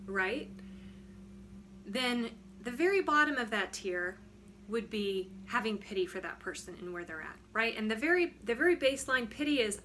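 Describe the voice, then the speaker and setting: A woman's voice: medium pitch, lively intonation, normal speed, pushed and bright, a little hiss or hum. A woman wellness coach talking casually and frankly to the camera, emphatic and often checking in with "right?". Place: home studio.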